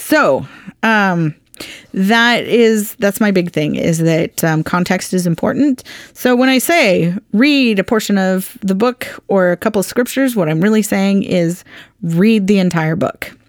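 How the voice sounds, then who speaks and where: A woman's voice: medium pitch, no echo, clean studio sound. A woman hosting a Bible teaching podcast, talking in a chatty, earnest way with lots of ums and restarts.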